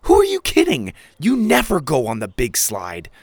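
A man's voice: on the high side, big pitch swings, normal speed, vocal fry, dry recording, voice pushed up, full character voice. A man voicing a spirited young girl who is bold, protective and insistent. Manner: urgent, insistent pleading.

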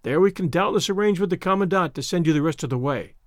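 A man reading aloud and voicing a strong, calm adventurer who speaks in a measured, courteous way. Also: a little high, no room sound, clean studio sound, close to an everyday voice.

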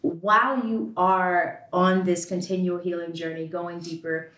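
A woman's voice: lowish voice, steady tone, a little slow, fairly bright tone. A woman hosting a podcast interview, talking in a blunt, slangy and playful way. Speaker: podcast host. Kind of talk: casual interview chat. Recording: roomy room, distant mic.

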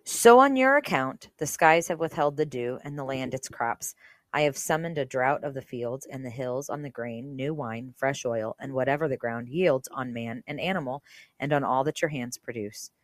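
Woman podcaster with a low voice, reading the Bible aloud with earnest, casual commentary, recorded dry and close. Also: normal speed, no echo. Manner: earnest, conversational, many fillers. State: briefly emotional.

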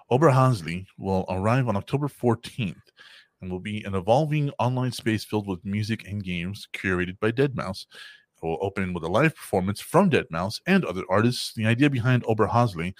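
A man's voice: fairly low pitch, no echo, studio quality. A man hosting a casual chat show, swearing freely and telling stories with lots of laughter. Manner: laughing, profane, animated storytelling. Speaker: podcast host.

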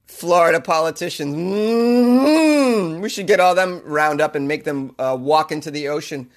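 Boston guy doing a sarcastic rambling comedy bit, high voice, laughs at his own jokes. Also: expressive, measured pace. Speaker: podcast host. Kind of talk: comedic monologue.

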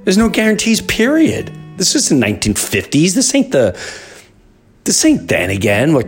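A man's voice: sits high, huge pitch swings, a little slow, slightly rough, faint music behind. A middle-aged man hosting a podcast, talking through an impassioned, preachy solo monologue. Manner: impassioned, preachy rant with emphatic swings. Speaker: podcast host.

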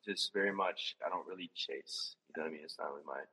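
Husky laid-back young man. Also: very deep voice, quick pace, sharp tone, poor audio. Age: young adult. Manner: laid-back, laughs while telling stories. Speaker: reality show contestant. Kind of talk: casual interview chat.

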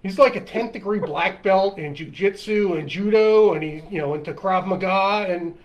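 A man telling a story in an animated way, laughing often. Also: sits high, moderate pace, highs cut off. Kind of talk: casual chat.

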